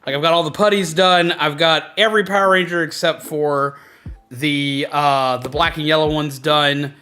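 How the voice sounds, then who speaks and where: A man hosting a casual livestream, chatty and excitable, greeting viewers and repeating himself. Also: fairly high pitch, moderate pace. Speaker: livestream host. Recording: faint background music.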